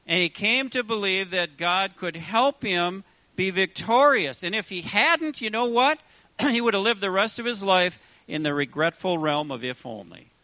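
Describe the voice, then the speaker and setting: A man's voice: high-pitched, bright, forceful tone, dry recording. A man preaching a sermon as pastor, emphatic and full of rhetorical questions to the congregation.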